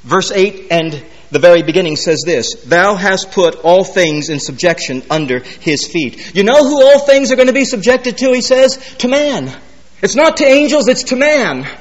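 In a large hall whose long reverb colors the recording, a preacher works through an expository sermon. He stresses his message by repeating key phrases and sinking low and soft when a point matters most.

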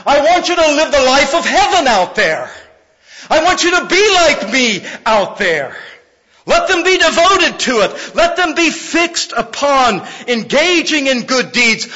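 A man preaching a sermon as pastor, repeating words for emphasis and swinging from loud, pressing lines down to soft, quiet ones. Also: extremely high pitch, very animated, unhurried. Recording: muffled recording with long hall reverb.

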